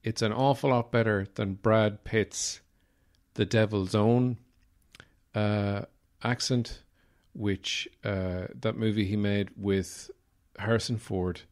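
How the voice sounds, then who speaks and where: A man's voice: fairly low pitch, fairly even intonation, takes it slowly. Rambling Irish man hosting a podcast. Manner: rambling, sweary, full of fillers. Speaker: podcast host. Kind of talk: casual chat.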